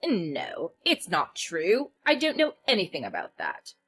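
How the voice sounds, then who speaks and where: A woman's voice: lowish voice, huge pitch swings, unhurried, a bit bright, breathy edge, soft background music, full character voice. A woman voicing a sly, spiteful older mother-in-law who defends herself with pleading denials. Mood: defensive.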